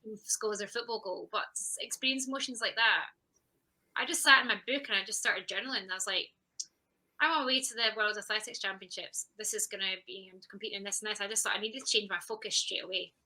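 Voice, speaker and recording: A woman guest on a podcast, relaxed and chatty. Her voice is very bright and sharp. She tells her story with animation and slips into her own past thoughts as she goes. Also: medium pitch, quick pace, poor audio. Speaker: guest, champion sprinter. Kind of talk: conversational podcast interview.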